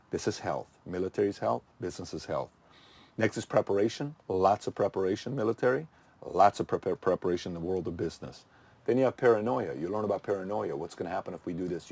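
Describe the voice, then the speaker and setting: A man's voice: low voice, a little mellow, breathy edge. A middle-aged man hosting his channel, giving a punchy motivational talk full of rhetorical questions that he answers himself. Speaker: channel host.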